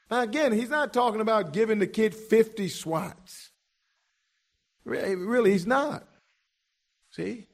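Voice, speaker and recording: A man's voice: sits high, measured pace, long pauses. A middle-aged man preaching a sermon emphatically, repeating words as he builds each point.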